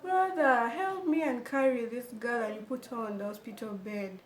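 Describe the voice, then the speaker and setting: Woman doing a whiny nagging doctor guy, drawly high voice, echoey room. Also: moderate pace, natural voice. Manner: drawling, nagging, sing-song questions. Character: nagging, dismissive male hospital doctor.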